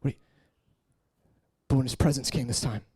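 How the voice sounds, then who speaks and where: A man in his late twenties preaching an emotional personal testimony, shifting between hushed murmurs and raised, intense passages. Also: fairly even intonation, brisk, slightly rough. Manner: earnest, swinging from hushed murmurs to raised, high-pitched intensity.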